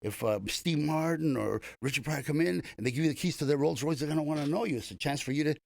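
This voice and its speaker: An older man with a gravelly, raised voice tells stories from his past as a guest in a radio interview. He talks casually and rambles, doubling back with restarts and fillers. The sound is close and dry. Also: a little high, fast talker, dry recording. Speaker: comedian guest.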